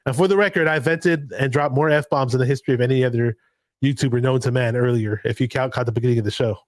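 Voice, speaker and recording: Man, livestream host, rambling casual chat, mid pitch, dry close sound. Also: fast talker, no echo. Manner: rambling, jumps from story to story. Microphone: home streaming mic.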